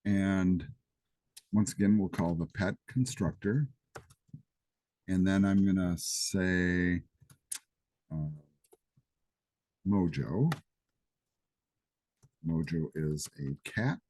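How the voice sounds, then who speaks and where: A man's voice: deep voice, very slow, pauses often, warm tone, no echo. A man teaching a live programming class, chatty and casual with asides. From Greece. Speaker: programming instructor. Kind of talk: live class lecture with coding demo. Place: classroom or office during live session.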